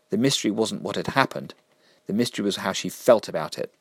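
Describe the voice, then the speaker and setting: A man with a very low voice narrates a dark story in a steady, measured way. The recording is close and completely dry. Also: slightly rough, no room sound. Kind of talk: storybook reading.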